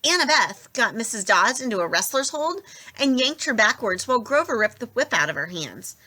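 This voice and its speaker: A young adult woman reading a novel aloud with expressive, lively narration. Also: fairly high pitch, moderate pace. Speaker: storybook reader.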